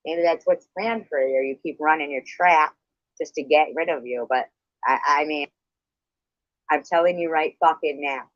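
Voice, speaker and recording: A man's voice: fairly high pitch, moderate pace, fairly bright tone, no echo. Man, angry accusing rants, swearing, dry close sound, dull lo-fi stream audio. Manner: hostile, profane, accusing. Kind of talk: heated livestream argument.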